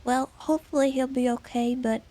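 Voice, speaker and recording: Brief: woman, 30s, playing a gentle police officer in a game roleplay, sweet and polite, high bright voice. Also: level tone, a little fast.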